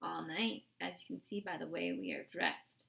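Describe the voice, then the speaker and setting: A woman's voice: lowish voice, steady tone, moderate pace, creaky, fairly bright tone. A woman voicing a lying, defensive female camp warden who makes excuses.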